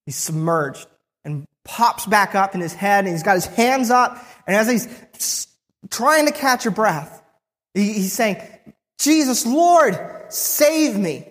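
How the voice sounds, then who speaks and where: A preacher retelling a Bible story in the first person, with frequent restarts and pauses. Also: mid-range voice, lively intonation, a bit bright, in a large hall.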